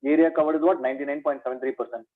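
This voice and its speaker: A man's voice: fairly high pitch, fairly even intonation, very fast. Man teaching maths, tinny lo-fi sound. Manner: repeats points as questions to students, says "my dear". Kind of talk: revision lecture.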